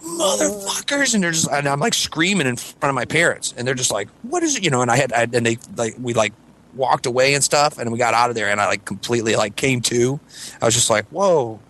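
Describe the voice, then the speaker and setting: A man's voice: mid-range voice, fast talker, fairly bright tone. Rambling, swearing male podcast host. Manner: rambling, swears, acts out voices in the story. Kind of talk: casual storytelling chat.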